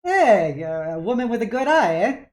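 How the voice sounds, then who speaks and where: A woman's voice: medium pitch, lively intonation, moderate pace, a little mellow, reverberant, pitched above the performer's own voice, close to an everyday voice. A woman voicing a cheerful, chatty male shopkeeper who laughs and talks in a folksy way. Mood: jovial.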